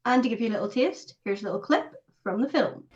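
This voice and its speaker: A woman's voice: fairly high pitch, animated, quick pace, darkish tone, soft background music. A woman with a Northern Irish accent hosting a podcast, chatting and laughing easily. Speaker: podcast host. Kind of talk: casual chat. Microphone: video call. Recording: dull lo-fi video call audio.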